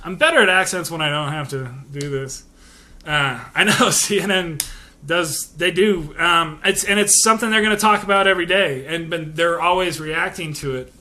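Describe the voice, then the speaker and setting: Bright-voiced man rambling through political commentary. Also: on the high side, normal speed. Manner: rambling, with many fillers and restarts. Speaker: podcast host.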